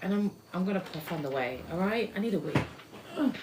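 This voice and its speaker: A young woman giving a spiritual card reading to viewers, chatty and slangy, swinging between loud bursts and hushed asides. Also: fairly low pitch, expressive, fairly quick, background noise. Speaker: tarot reader.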